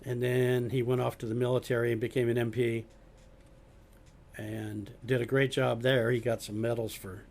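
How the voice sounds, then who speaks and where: An older man, a former police officer and guest, rambling through a story with restarts and throat clearing. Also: mid-range voice, little pitch movement, moderate pace, darkish tone. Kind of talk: casual chat.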